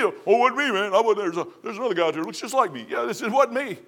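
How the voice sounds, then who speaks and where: A man preaching through homespun stories, his voice high and lively as he acts out what other people said. The tone is bright and sharp, and he talks in a loose, conversational way from the pulpit. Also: rapid-fire. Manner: animated, acts out voices in anecdotes. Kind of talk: folksy sermon storytelling.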